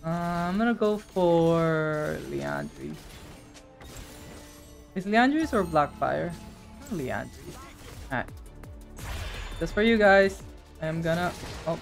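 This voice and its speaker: Man, gaming streamer, lively swooping pitch, live play-by-play commentary, faint music underneath. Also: slow pace, creaky, pauses often. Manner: animated, bursts into excited shouts.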